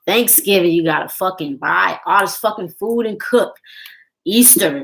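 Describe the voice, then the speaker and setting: A woman's voice: on the low side, normal speed, gravelly, a bit bright. Profane, heated woman ranting. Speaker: vlogger. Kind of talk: heated rant to camera.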